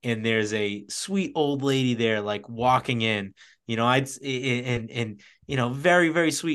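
A man with an ordinary mid-range voice, telling a story in an easygoing, casual chat. He is animated and chuckles between phrases, jumping up in pitch when he quotes people. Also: normal speed.

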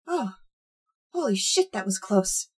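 A man's voice: high voice, very animated, pitched above the performer's own voice, exaggerated voice. A man voicing a timid, apologetic female machine being who stammers and halts. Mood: alarmed. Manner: stammering, halting.

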